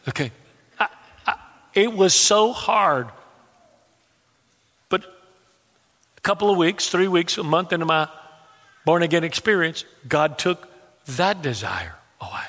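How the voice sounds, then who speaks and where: High-voiced animated male pastor preaching. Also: big-room sound. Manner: animated, humorous storytelling with repetitions and stammered restarts. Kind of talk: sermon. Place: church hall.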